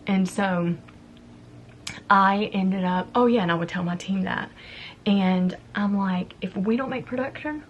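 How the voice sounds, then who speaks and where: A woman in her thirties with a lowish voice, slightly hissy or humming, chats to camera as a vlogger sharing a personal story. She's confiding and casual, often quoting herself and acting out what she said. She's at home, and yard work can be heard outside.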